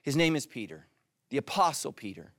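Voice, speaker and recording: Joking pastor telling stories. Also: male voice, medium pitch, sing-song, a little fast, no echo, studio quality. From California. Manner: humorous storytelling, drops to hushed tones for emphasis. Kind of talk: sermon.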